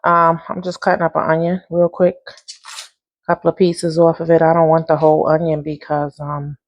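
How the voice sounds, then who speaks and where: A woman's voice: sits low, level tone, normal speed, highs cut off. A woman who drives a school bus, chatting casually while she cooks in her home kitchen, a laughing storyteller. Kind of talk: casual cooking vlog.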